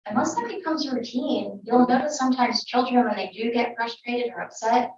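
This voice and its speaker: Higher-voiced woman teacher, roomy sound. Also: moderate pace, darkish tone. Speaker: toddler teacher. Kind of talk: panel discussion answers. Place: school event room. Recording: echoey room from far off, dull lo-fi.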